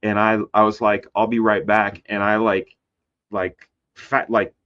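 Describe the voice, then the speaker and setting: A man, a comic book artist, telling a rambling story in casual conversation, jumping into high voices to act out quotes. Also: a little slow. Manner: animated, acts out quoted voices with big pitch jumps; loose and rambling with many fillers and restarts. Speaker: guest. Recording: slightly dull lo-fi sound.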